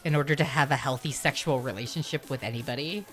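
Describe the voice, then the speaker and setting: A woman hosting a live stream Q&A, telling stories in an animated way and laughing a lot. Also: very deep voice, fast, soft background music. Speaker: streamer host. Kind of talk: casual chat.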